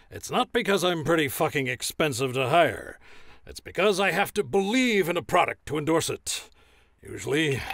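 A man playing a gruff, profane, hard-drinking male arena announcer who blusters through a commercial recording in a comedy sketch. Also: fairly high pitch, fairly bright tone, no room sound, studio quality, full character voice.

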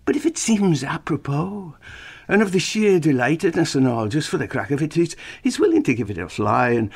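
A man from Yorkshire delivers a theatrical, pun-filled monologue in an obviously put-on Irish accent. His voice is gravelly and a little husky, sitting fairly high for a man. It swings up and down a lot as he plays with words. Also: darkish tone. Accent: phony Irish put on over Yorkshire. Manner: wordplay-heavy, theatrical, stammering repeats. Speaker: podcast host. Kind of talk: rambling scripted monologue.

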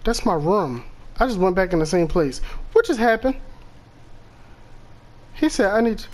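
Jumpy, swearing horror gamer, slow talker. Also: mid-range voice, expressive, a little mellow. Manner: jumpy, easily spooked, swears a lot, talks to viewers. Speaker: gaming channel host. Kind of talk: horror game let's-play commentary.

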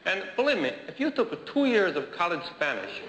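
A deadpan joker with a put-on Italian accent, played by a comedian in dry comic patter. His voice sits a little high. The clip rings with long hall reverb, carrying noise and bursts of audience laughter. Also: moderate pace. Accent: fake Italian. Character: deadpan Italian-accented man pitching a silly school.

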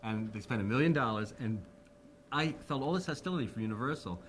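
A man's voice: mid-range voice, lively intonation, fast talker, slight background noise. A man in his fifties, being interviewed, telling anecdotes animatedly and acting out the people he quotes. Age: 50s.

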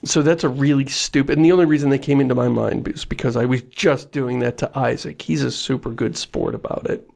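A man's voice: mid-range voice, fairly even intonation, brisk, gravelly, darkish tone. A man co-hosting a podcast in casual chat, jokey and self-mocking, laughing often. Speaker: podcast co-host.

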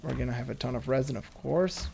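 Guy chatting thru a game, nervous little laughs, middle pitch, faint hiss behind. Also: quick pace, vocal fry, warm tone. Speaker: gameplay commentator. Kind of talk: casual gameplay commentary.

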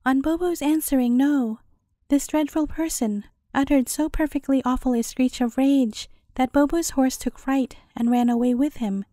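High, mellow woman reading a bedtime story. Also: steady tone, moderate pace, dry recording, clean studio sound.

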